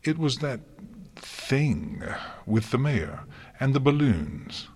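A man's voice: medium pitch, sing-song, slow pace, darkish tone, breathy edge, voice pushed up, heavily acted. A man voicing a bookish young mare who speaks in a hesitant, stammering way in a storybook reading. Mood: nervous.

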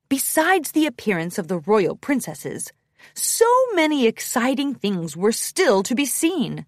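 A woman narrating a children's storybook in an expressive, sing-song reading style. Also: mid-range voice, measured pace, dry recording, studio quality. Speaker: audiobook narrator. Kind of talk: storybook read-aloud.

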